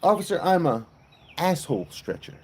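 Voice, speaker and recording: A man voicing a crude joke character who explains himself in a calm, matter-of-fact way. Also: fairly high pitch, moderate pace, a little hiss or hum, pitched above the performer's own voice, rough recording. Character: deadpan crude adult male joke character.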